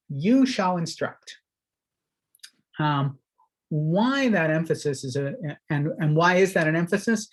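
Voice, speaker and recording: A man, a rabbi, teaching a weekly Torah lesson in a halting way, with many fillers and restarts. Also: on the high side, poor audio. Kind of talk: Torah study talk.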